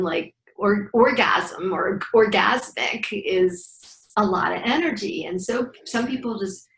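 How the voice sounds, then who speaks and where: A woman's voice: mid-range voice, creaky. Middle-aged lady teaching breathwork, acts out little dialogues, roomy echo. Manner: animated storyteller acting out dialogue. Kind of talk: guiding breathing exercises in an interview. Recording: echoey room.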